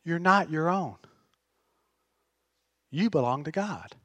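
Bright-voiced, slow, passionate male preacher. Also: fairly high pitch, animated, dry recording. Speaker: pastor. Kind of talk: sermon.

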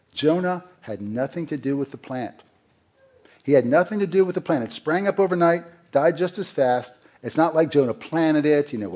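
In a conversational sermon, a middle-aged male pastor addresses his listeners, posing rhetorical questions and acting out quotes. His voice is slightly husky and a little mellow, pitched at an ordinary level for a man.

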